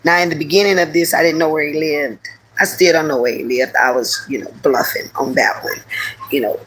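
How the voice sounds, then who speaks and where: A woman's voice: low voice, fairly quick, fairly bright tone, husky, rough recording. A woman hosting a live stream who tells a personal story in a candid, heated way, full of profanity and slang. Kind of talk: casual storytelling to a live audience.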